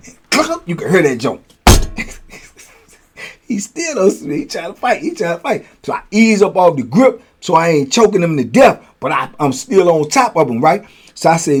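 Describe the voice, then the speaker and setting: A man telling stories from prison in a casual, animated way, acting out blows with sound words. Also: fairly high pitch, normal speed, breathy edge. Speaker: storyteller, host.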